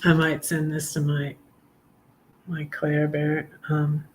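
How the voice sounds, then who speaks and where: A middle-aged woman hosts a livestream, chatting casually and reading her own poetry in a halting, heartfelt way full of ums, restarts and soft laughs, growing emotional as she reads. Her voice sits low and monotone, with a little hiss or hum in the recording.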